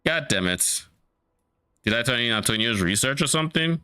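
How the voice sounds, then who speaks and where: A man's voice: medium pitch, lively intonation, normal speed, sharp tone, clear, resonant tone, no echo. Man, game streamer, thinking aloud, casual swearing, dry close sound. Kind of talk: casual gameplay commentary.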